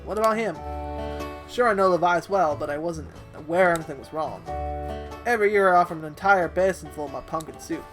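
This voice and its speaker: A man's voice: on the high side, a little fast, music in the background, lightly acted. A man doing a hearty soup-cook voice. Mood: fretful. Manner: put-on accent he admits is off. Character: hearty male pumpkin-soup cook, eager and friendly. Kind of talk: reading game dialogue aloud.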